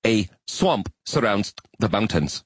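A man's voice: lowish voice, big pitch swings, slow, slightly rough, no echo, heavily acted. A man voicing an earnest, fussy quasi-arachnid alien who speaks in stiff, formal phrasing in an audiobook.

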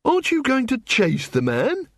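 A man voicing a sharp young female constable with a dry, sardonic way of talking. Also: extremely high pitch, wildly swooping pitch, normal speed, dry recording, voice pushed up, exaggerated voice. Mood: questioning.

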